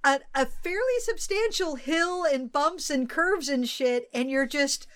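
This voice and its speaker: An American woman chats with a co-host, and her voice sits a little high. She tells travel stories as a swearing, animated rant. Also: a little slow. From United States. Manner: animated, profane, storytelling rant. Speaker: podcast co-host. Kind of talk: casual chat.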